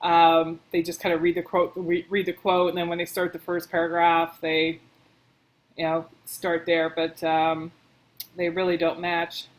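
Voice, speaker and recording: A woman working as a book editor, reading passages aloud and thinking out loud in a casual, chatty way as she comments on them. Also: fairly low pitch, completely flat delivery, measured pace, low-quality recording.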